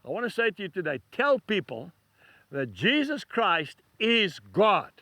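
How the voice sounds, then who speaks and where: A male TV preacher delivers an emphatic, repetitive devotional sermon outdoors beside cattle stalls. His voice sits high and bright and swings widely in pitch. The sound is close and dry. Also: sing-song, measured pace, no echo.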